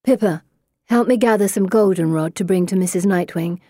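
Woman reader voicing a poised Victorian schoolgirl ringleader, brisk and assured, mellow tone. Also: medium pitch, dry recording, studio quality, natural voice.

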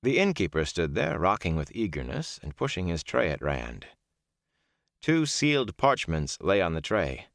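A man narrating an audiobook chapter in an expressive storytelling manner. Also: low voice, normal speed, gravelly, no room sound, studio quality. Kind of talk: scripted narration.

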